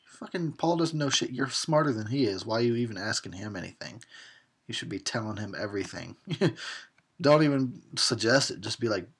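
A tipsy man with a husky voice talks back at a movie on screen, crude and mocking, and laughs at his own jokes. His pitch swings all over the place as he riffs. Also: expressive, moderate pace. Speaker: host of a drunk movie commentary. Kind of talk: drunken movie commentary.

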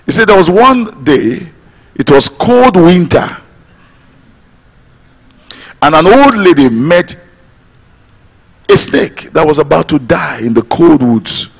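A man preaching a sermon as pastor, emphatic, swinging from loud declamation to low quiet lines. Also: lively intonation, moderate pace, vocal fry, long pauses, slightly rough, long reverb tail, rough recording. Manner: emphatic, rising to declamation then dropping low.

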